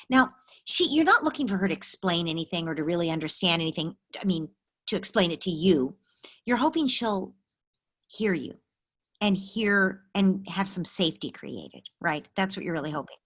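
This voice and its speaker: A woman's voice: lowish voice, sing-song, normal speed, husky. A middle-aged woman hosting a parenting call-in session, giving empathetic, direct advice to callers over a video call. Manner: warm coaching, empathetic and direct. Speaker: parenting expert hosting call-in office hours.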